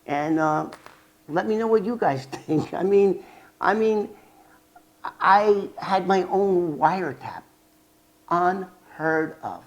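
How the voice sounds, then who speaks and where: An older man vlogging about his past as an informant, telling it in a rambling, animated way with restarts and fillers. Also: slow pace, long pauses. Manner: animated, acts out quoted dialogue with sharp jumps in pitch and loudness. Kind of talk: casual storytelling vlog.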